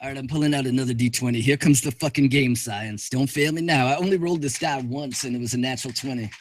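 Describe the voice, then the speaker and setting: A man's voice: mid-range voice, quick pace, no echo. A man playing a tabletop game, joking around and swearing a lot. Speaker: player. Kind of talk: casual tabletop game chat.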